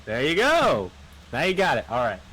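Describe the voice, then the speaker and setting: Bright-voiced man coaching a friend. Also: a little high, huge pitch swings, moderate pace. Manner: instructive, repeats himself, teasing. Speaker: gamer guiding a friend. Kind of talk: casual gaming chat.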